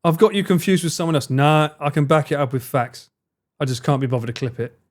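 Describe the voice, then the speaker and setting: A young man with a London accent chatting casually on a live stream, animated and bantering, swearing freely. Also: fairly high pitch, quick pace. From England.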